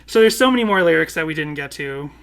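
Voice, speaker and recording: A man's voice: on the high side, animated, fast, vocal fry, fairly bright tone, smooth. A man co-hosting a podcast, talking with passion and swearing freely in a long casual monologue. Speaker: podcast co-host.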